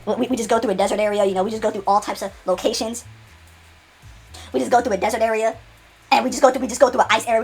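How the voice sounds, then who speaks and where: A woman telling a long unscripted story, rambling in rapid bursts full of restarts and repeated "and then". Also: mid-range voice, a little hiss or hum.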